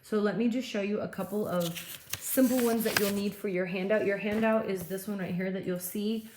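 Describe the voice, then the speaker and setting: A woman's voice: mid-range voice, fairly even intonation, brisk. A woman teacher giving a classroom lecture, explaining step by step and checking in with frequent okays. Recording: echoey room, faint noise.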